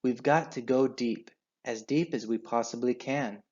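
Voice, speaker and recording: A man's voice: medium pitch, unhurried, darkish tone, lightly acted. A man reading a storybook aloud, voicing a brave, determined male fox father who gives urgent commands. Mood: commanding. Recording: dull lo-fi sound.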